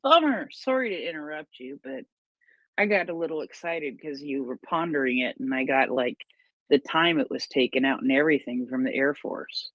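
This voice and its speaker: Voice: medium pitch, lively intonation, moderate pace, dry recording. A host of an online audio chat, eagerly reading out news updates and then asking questions. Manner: eager, reads out reports then asks questions. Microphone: Twitter Space audio. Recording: dull, dry lo-fi online audio.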